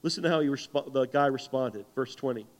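A man preaching a sermon as pastor, animated and conversational, acting out the voices in the stories he tells. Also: medium pitch, fairly quick. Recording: long hall reverb.

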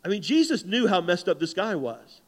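A man preaching a sermon as pastor, animated and conversational, acting out the voices in the stories he tells. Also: high voice, moderate pace. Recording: long hall reverb.

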